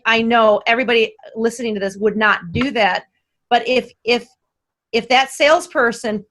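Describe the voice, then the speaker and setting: A woman's voice: a little high, a bit bright. A woman who runs a company, speaking as a podcast guest, enthusiastic and emphatic, repeating phrases to stress her points. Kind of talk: casual podcast conversation.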